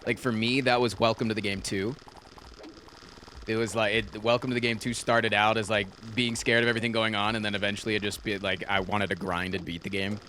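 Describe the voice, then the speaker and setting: Laid-back streamer guy, lowish voice. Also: flat delivery, a little fast, pushed and bright, slight background noise. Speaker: streamer host. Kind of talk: casual live-stream chat.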